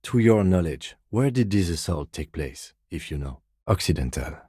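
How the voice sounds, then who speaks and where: Stiff by-the-book game cop lieutenant, low husky voice, dark tone, dead dry close mic. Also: male voice, big pitch swings, no room sound, exaggerated voice. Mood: calm, formal. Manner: measured, formal, dry and restrained. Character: reserved, precise middle-aged male police lieutenant. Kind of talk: video game voice acting. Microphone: close studio mic.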